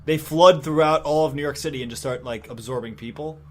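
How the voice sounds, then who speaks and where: A man's voice: on the high side, a little fast, a little mellow. A man co-hosting a podcast, animatedly retelling a comic book plot and acting out quotes in a casual chat. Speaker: podcast co-host.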